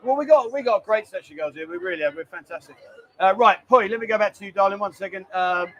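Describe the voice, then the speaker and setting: A man's voice: high voice, fast talker, fairly bright tone, muffled recording. A middle-aged man hosting a live stream, chatty and bantering as he rambles along. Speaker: livestream host. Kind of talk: casual live-stream chat.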